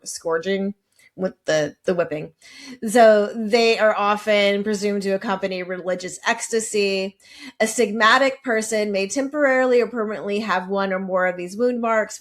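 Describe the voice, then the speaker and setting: A woman co-hosting a podcast, reading out facts in casual chat with chatty asides. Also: medium pitch. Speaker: podcast co-host.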